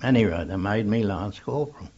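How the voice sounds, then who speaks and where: A man's voice: fairly low pitch, expressive, fairly quick, darkish tone, slightly rough. An older man with an English accent, recalling his soldiering days in a rambling, plainspoken oral history on a dull old tape recording.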